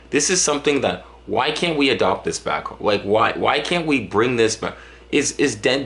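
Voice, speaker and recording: A man's voice: medium pitch, fairly bright tone. A man from Dallas, Texas, vlogging to camera in a casual, joking monologue full of exaggeration and restarts.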